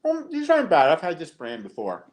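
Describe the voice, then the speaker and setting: A man's voice: on the high side, huge pitch swings, fairly quick. A man co-hosting a casual live-stream chat, campy with theatrical exclamations and cheeky jokes. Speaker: co-host.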